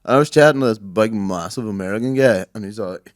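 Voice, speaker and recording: An Irish man co-hosting a podcast, telling stories in a laid-back, low-key way with plenty of swearing. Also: brisk, no room sound, clean studio sound. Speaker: podcast co-host. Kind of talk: casual chat.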